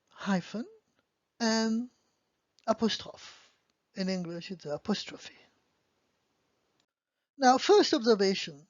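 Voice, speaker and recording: This online language lesson features a medium-pitched woman covering beginner French grammar. She's patient, answers her own questions, and the sound is dull, lo-fi and completely dry.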